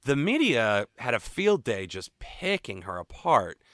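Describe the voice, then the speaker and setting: A man's voice: medium pitch, unhurried, no echo, clean studio sound. A man co-hosting a music podcast in casual chat, talking candidly with frequent profanity. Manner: candid, profane, animated opinions. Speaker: podcast co-host.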